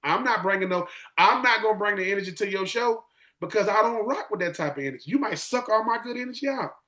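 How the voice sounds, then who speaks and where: A man in his forties, a former football player telling animated stories on a casual podcast, acting out quotes and repeating words. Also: high-pitched, fast. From Swainsboro, Georgia.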